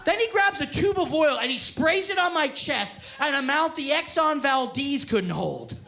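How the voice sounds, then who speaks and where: A man, a stand-up comedian telling a story loudly and profanely on stage. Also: very high voice, sing-song, normal speed, vocal fry, soft background music. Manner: loud, profane, often yelling. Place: theater stage before a live audience. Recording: live show with audience laughter.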